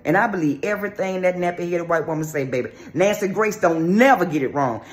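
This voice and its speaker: A man giving sassy, brash, crude gossip commentary on a reality show in a casual vlog. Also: fairly high pitch.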